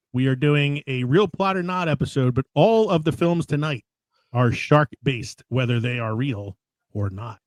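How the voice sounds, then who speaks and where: A man hosting a casual podcast, telling a dramatic deadpan story before loose, chatty banter. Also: mid-range voice, unhurried, no room sound, low-quality recording. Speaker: podcast host. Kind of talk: casual podcast chat with a comic spoken intro.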